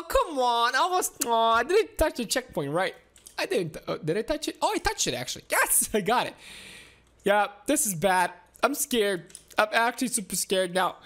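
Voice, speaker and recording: Woman, gameplay commentary, excitable, giggly, lively swooping voice. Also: on the high side. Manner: excitable, giggly, frequent exclamations. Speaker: gaming video host. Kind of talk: playthrough commentary.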